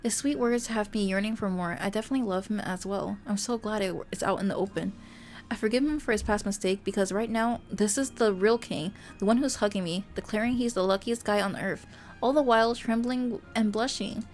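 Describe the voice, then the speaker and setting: A woman streamer reading a romance game aloud, animated and playful, often breaking off to joke with her viewers. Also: mid-range voice, fairly quick. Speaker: VTuber streamer.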